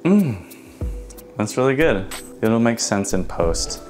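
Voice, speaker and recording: Young man, animated, playful, casual cooking vlog, faint background music. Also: medium pitch, takes it slowly. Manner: playful, self-mocking, laughs often. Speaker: vlogger. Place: home kitchen.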